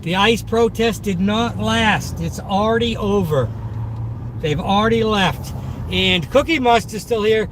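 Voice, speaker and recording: This Massachusetts delivery driver, a Boston man, talks a little slowly in a high-sitting voice during a casual live stream from his car while driving through the city. Upbeat and boastful, he chats with his viewers. Road and car noise run behind him.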